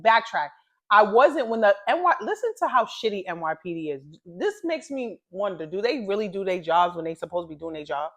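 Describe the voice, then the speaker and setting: A woman's voice: mid-range voice, fairly quick. A woman in her late thirties, co-hosting a podcast, telling a story in casual chat, laughing often and swearing. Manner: lively, laughs often, profane. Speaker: podcast co-host.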